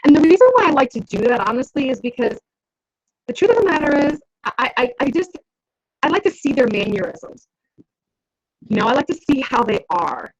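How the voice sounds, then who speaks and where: A woman's voice: sits high, very animated, fairly quick, husky. A woman business coach giving an instructional talk to camera, conversational and keeps checking in with the listener. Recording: dull lo-fi recording.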